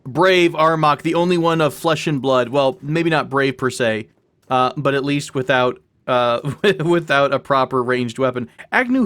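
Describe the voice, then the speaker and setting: A man talks through a video game for his viewers in a loose, joking way, addressing them like friends. His voice sits a little higher than most men's. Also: fairly bright tone. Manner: chatty and playful, joking to viewers. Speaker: let's play host. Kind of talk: casual gameplay commentary.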